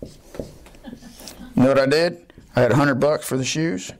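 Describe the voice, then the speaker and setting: A pastor preaching a Baptist sermon, calling out questions to the congregation and telling folksy stories. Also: male voice, medium pitch, measured pace, slight background noise. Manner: folksy storytelling.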